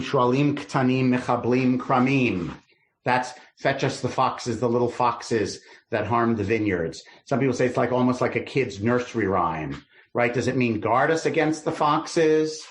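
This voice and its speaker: A man, a rabbi, teaching a text study class, reading verses aloud and then musing over what they mean. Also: mid-range voice. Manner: reads verses aloud then explains them, lively and musing. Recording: roomy echo.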